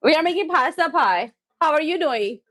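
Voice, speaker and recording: A woman hosting a live cooking stream from her home kitchen, excitable and loud, often laughing at herself as she chats with viewers. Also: sits high, moderate pace, no echo.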